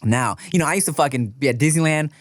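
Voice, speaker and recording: A man's voice: on the high side, fast, no echo, studio quality. A man co-hosting a food podcast in casual chat, telling stories with lots of swearing and acted-out quotes. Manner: animated storytelling, swears a lot, acts out quotes. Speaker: podcast co-host.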